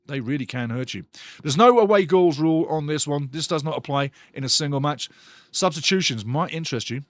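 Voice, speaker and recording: A man's voice: fairly high pitch, no room sound. Chatty man hosting a football watch-along. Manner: rambling, chatty, addresses viewers directly. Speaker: host.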